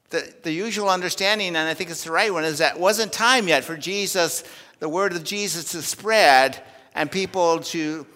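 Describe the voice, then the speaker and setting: A man preaching a Communion Sunday sermon in earnest, rising loud for emphasis and dropping soft in a church. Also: on the high side. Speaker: pastor. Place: church sanctuary. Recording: long reverb of a church sanctuary.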